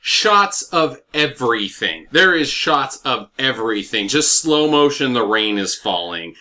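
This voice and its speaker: A man's voice: mid-range voice, lively intonation, unhurried, bright, forceful tone. A man hosting a casual bad-movie podcast, opinionated and blunt, swearing freely as he rants. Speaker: podcast host. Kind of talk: casual movie review chat.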